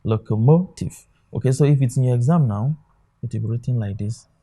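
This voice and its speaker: A man gives an exam lesson in a mellow, warm voice. He walks through examples on a board, stopping often to say "okay" and check that students follow. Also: mid-range voice, fast talker. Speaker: exam tutor. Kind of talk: classroom lecture.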